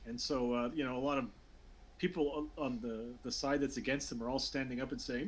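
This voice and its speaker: A man's voice: medium pitch, steady tone, a little fast. A man narrating as game master in a tabletop game, rambling and hesitant, with lots of fillers and restarts.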